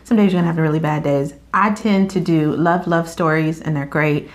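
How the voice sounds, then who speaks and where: Animated woman in her thirties. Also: fairly quick. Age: 30s. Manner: animated storyteller, acts out quotes with big pitch jumps and laughs. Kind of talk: casual faith chat.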